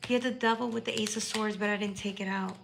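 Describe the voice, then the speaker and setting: A woman's voice: mid-range voice, steady tone, fast talker, creaky, background noise. A woman giving a tarot reading on a live stream, talking in an emphatic, emotional way and swearing freely. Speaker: tarot reader.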